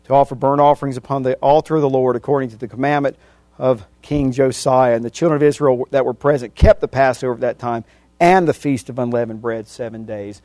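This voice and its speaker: A man's voice: medium pitch, steady tone, brisk, no echo. Emphatic preacher man, dry close sound. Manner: wide swings from loud emphatic peaks to hushed, trailing endings; reads scripture verse by verse, repeating phrases for emphasis. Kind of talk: sermon.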